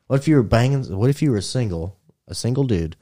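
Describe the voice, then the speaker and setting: A man's voice: mid-range voice, expressive, fast talker, mellow. A man in casual chat, joking crudely, laughing often and acting out what he would say in made-up situations.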